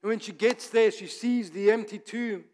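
A man preaching a sermon as pastor, moving from emphatic passages to hushed, soft ones. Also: high voice, fairly even intonation, moderate pace. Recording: long reverb of a church hall.

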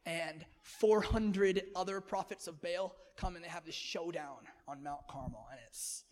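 An energetic male preacher with a high voice, talking to the congregation like friends and laughing between points. A long hall reverb hangs on his words. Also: unhurried. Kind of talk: sermon.

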